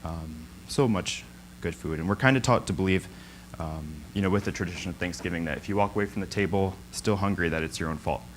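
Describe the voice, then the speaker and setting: Low-voiced young man giving a chatty sermon. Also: brisk, a little hiss or hum, poor audio. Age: young adult. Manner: chatty, many ums, laughs often. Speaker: guest speaker at a church. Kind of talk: informal sermon with personal storytelling.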